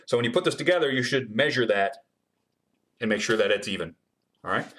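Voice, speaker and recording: Guy building guitars on a livestream, reads out chat questions, lots of ums, average pitch voice. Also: expressive, a little fast, fairly bright tone. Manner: chatty, many ums, reads questions aloud. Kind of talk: casual livestream Q&A and demo.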